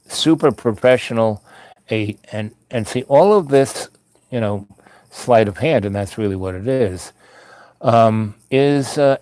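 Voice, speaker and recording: Male storyteller, easygoing and meandering, mid-pitched voice, dry close recording. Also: darkish tone, no room sound. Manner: meandering, full of asides and restarts. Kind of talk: casual rambling storytelling.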